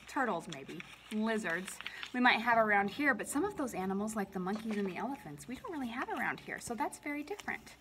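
High, lively woman reading a lullaby. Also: background noise. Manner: playful and animated, making animal sounds and asking children questions; lilting, sing-song lullaby reading. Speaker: children's librarian. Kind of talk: reading a picture book aloud at story time.

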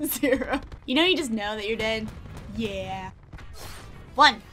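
A young woman giving giggly, excitable commentary while playing a video game. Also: high-pitched, unhurried, faint music behind. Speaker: gaming streamer. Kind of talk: live gameplay commentary.

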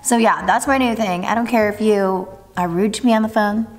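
A woman's voice: medium pitch, brisk, faint music behind. A young woman in her twenties chatting casually to camera in a home vlog, upbeat and full of "like" and "literally". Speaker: vlogger. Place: home indoors.

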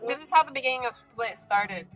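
A woman's voice: fairly high pitch, expressive, fairly quick. A young woman vlogging, chatting playfully and in slang with her friends. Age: young adult. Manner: playful, slangy, counts off dance moves. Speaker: vlogger, channel owner. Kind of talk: casual chat among friends. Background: loud pop music.

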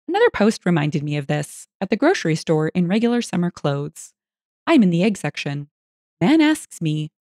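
A woman narrating online stories and reader comments for a story channel, with an expressive, amused delivery. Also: medium pitch, moderate pace, dry recording, clean studio sound.

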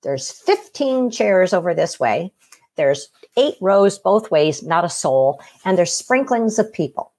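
Unhurried and very animated, a middle-aged woman with a lowish, darkish voice shares her own near-death experience as a guest. Her telling is relaxed, and she performs the voices of everyone in the story.

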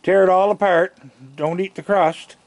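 There's no room sound around this high-sitting male voice, and its intonation stays fairly even. A raccoon feeder filming his yard on a handheld camera, he speaks slowly and gravelly from his deck, casually and fondly addressing the animals.

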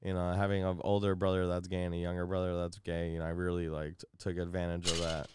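A man's voice: low-pitched, fast talker, clean tone, no echo, clean studio sound. A man who is a returning guest on a podcast, telling stories in a casual chat with lots of laughter. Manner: animated storyteller, laughing often.

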